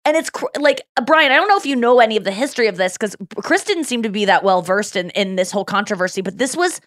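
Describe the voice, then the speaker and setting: A woman's voice: medium pitch, fast. A woman hosting a podcast, chatting casually in a mid-range voice. She tells stories with energy and slips into little acted voices when she quotes people. The sound is close and dry, with no room echo. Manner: animated storytelling, quoting others in acted voices. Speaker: podcast host. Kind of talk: casual chat.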